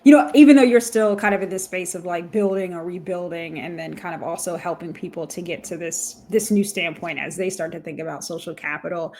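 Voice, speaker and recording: A woman hosting a podcast interview, asking long casual questions full of fillers. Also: on the low side. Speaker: podcast host.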